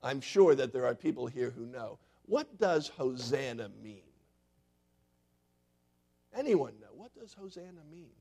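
Preaching in a church sanctuary, this pastor asks his congregation questions and moves from loud passages to hushed ones. His pitch is medium but swings widely, and he speaks at a measured pace with frequent pauses.

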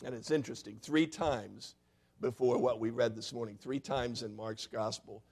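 A male pastor preaching a sermon in a church sanctuary, putting questions to the congregation and swinging from loud to hushed. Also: medium pitch, moderate pace, creaky, husky.

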